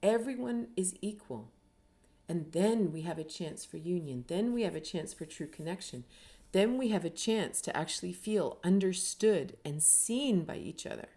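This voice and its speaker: Earnest woman with a mellow voice. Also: fairly low pitch, expressive, moderate pace. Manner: earnest, uses many rhetorical questions and tags with "right?". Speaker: spiritual teacher and author. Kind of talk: reflective teaching talk.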